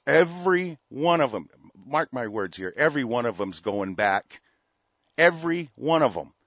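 A man hosting a talk radio show, ranting angrily and profanely, swinging from shouting to muttering. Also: medium pitch, very animated, normal speed, husky, no echo. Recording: dull, dry lo-fi radio audio.

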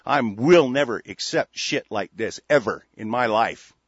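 A man's voice: mid-range voice, a little slow, breathy edge, no echo, highs cut off. A male radio show host delivering a profane, combative monologue. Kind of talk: heated monologue on internet radio.

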